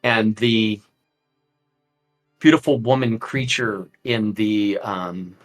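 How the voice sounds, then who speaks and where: A man's voice: lowish voice, takes it slowly, soft background music, poor audio. A man narrating a tabletop game as game master, in a loose, filler-heavy way.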